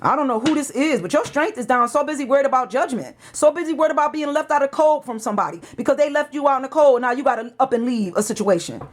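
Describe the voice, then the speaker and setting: A woman's voice: high voice, animated, fast talker, few pauses. A woman gives a tarot reading. She talks in an emotional, preachy way, pressing each point with urgency. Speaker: tarot reader.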